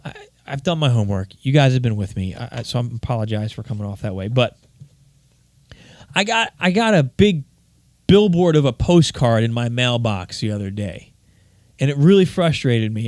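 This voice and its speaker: A man's voice: medium pitch, darkish tone, no room sound, clean studio sound. Heated rambling male podcast host. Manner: rambling, heated, many restarts. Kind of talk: solo podcast monologue.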